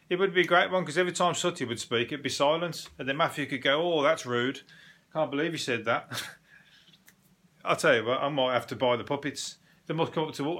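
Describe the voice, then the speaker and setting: A man hosting a podcast, rambling bluntly with plenty of swearing and quick laughs. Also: medium pitch, pushed and bright. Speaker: podcast host. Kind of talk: casual comedic monologue.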